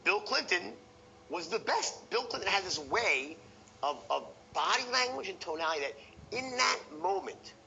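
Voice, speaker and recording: A man teaching a sales seminar in an animated way, showing different tones with his voice and checking in with the audience. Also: high voice, moderate pace, vocal fry, dull audio. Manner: talks to the audience directly, asks okay and right. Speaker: sales trainer.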